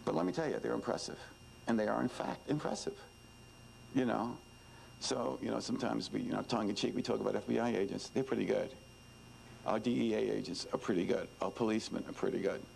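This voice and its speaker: Older New man, gravelly, talks plainly with emphatic repeats; faint noise behind. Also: lowish voice, a little fast, darkish tone, low-quality recording. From New York. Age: 70s. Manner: conversational, frequent "you know", emphatic repetition. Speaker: speaker and former detective. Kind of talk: informal speech to students.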